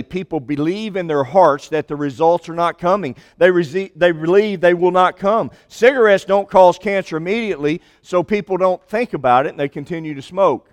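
A man preaching a sermon with an emphatic, repetitive cadence, slowing down to stress key lines. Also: high voice. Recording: long hall reverb.

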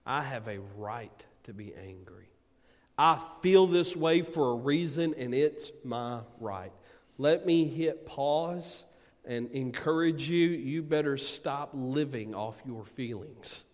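A man preaching a sermon, swinging from booming emphasis to quiet asides. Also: lively intonation, takes it slowly. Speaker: pastor. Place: church sanctuary. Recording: long hall reverb.

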